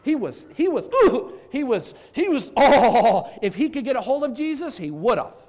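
A male pastor preaches with a lively, high-pitched voice that leaps all over the place. He talks in an animated way, repeating words as he restarts and throwing rhetorical questions out to his congregation. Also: moderate pace. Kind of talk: sermon.

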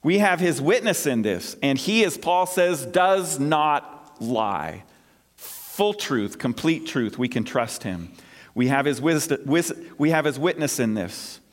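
High-voiced man preaching in a reverberant church. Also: sing-song, slow. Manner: repetitive, emphatic preaching. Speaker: pastor. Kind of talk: sermon.

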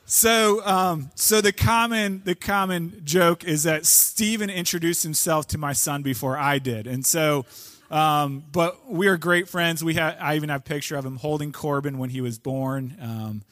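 A man, the pastor, telling a personal story to his congregation with halting restarts before introducing a guest speaker. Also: fairly high pitch. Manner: warm anecdotal, halting with restarts. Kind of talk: casual storytelling before a sermon.

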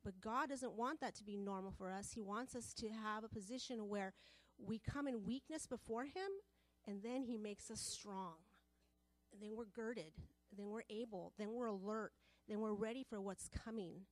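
A woman's voice: medium pitch, moderate pace, dry recording. A woman preaching a sermon to a women's group, passionate and repetitive, building in volume as she presses her points.

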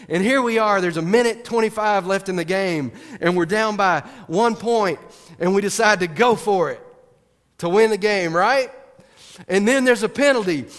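A man preaching a sermon, animated, moving from excited outbursts to soft, earnest appeals. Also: high-pitched, in a large hall. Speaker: pastor. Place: church.

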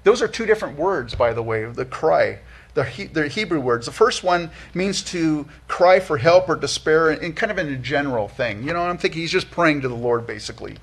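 Man, pastor, earnest conversational sermon, gravelly husky voice, slightly high pitch. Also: lively intonation, brisk. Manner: earnest, conversational, many restarts, rises for emphasis.

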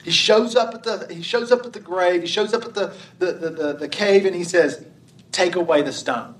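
A man's voice: high-pitched, brisk. Guy preaching casually w lots of restarts, echoey church, kinda far from the mic. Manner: conversational preaching with repeated restarts. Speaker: pastor. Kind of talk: sermon.

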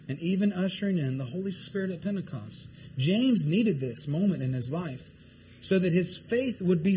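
A man preaching a sermon in a lively, conversational way, reading scripture and acting out the disciples' reactions. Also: fairly high pitch, a little hiss or hum. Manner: animated, conversational, acts out the disciples' voices. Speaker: pastor.

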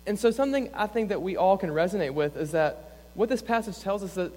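A man's voice: sits high, expressive, fairly quick, a little mellow, soft background music. Young man preaching in a reverberant church. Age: young adult. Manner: earnest, conversational, peppered with "like". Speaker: campus pastor. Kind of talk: sermon. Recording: long reverb in a church hall.

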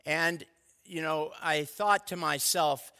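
A man's voice: on the high side, takes it slowly, sharp tone, in a large hall. An older man, a pastor of over thirty years, preaching a sermon in a conversational, storytelling way with asides to the congregation.

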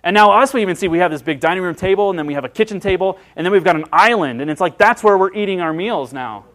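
Male pastor, somewhat high voice, emphatic conversational sermon, repeats lines for stress. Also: expressive, quick pace, fairly bright tone. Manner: conversational preaching with rhetorical questions.

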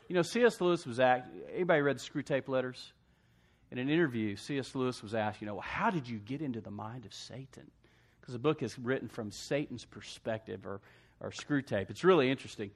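Preaching man calling out "amen?". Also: medium pitch. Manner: call-and-response preaching, asks congregation "amen?"; swings from hushed to loud for emphasis. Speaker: pastor. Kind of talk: sermon.

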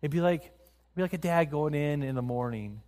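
A man preaching a sermon, retelling scripture stories with lively acted-out quotes and frequent restarts. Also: a little high, moderate pace. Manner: animated storytelling, acting out quotes, frequent restarts. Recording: long reverb of a hall.

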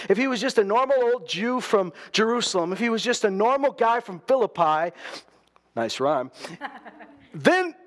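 High-voiced man preaching a conversational sermon. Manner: conversational preaching with restarts and acted quotes. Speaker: pastor.

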